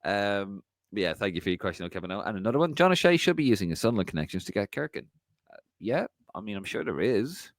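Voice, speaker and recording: A man's voice: on the low side, sing-song, fast, no room sound, studio quality. A man hosting a podcast, chatting casually and laughing as he reads out viewer comments. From Ireland.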